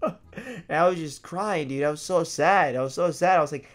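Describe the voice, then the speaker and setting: A young man hosting a gaming vlog, telling a story in a loose, swearing way and acting out his old reactions with sudden loud, high bursts. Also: fairly quick. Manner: animated, swears freely, acts out his past reactions in loud high outbursts. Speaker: gaming video host.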